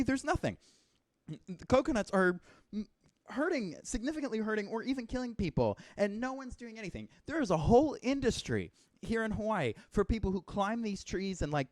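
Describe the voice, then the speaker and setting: A man's voice: high-pitched, no echo. Man ranting in mock outrage. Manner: deadpan fake outrage, swings from mutter to loud rant. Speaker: performer introducing his music. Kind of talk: mock-outraged comic stage banter. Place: Hawaii.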